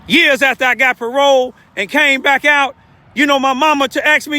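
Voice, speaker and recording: A man's voice: very high-pitched, fairly even intonation, moderate pace, pushed and bright, no echo. An older man giving an informal, emotional street testimony as a self-styled lay preacher, rambling with repeated asides. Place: outdoors in the cold, urban street.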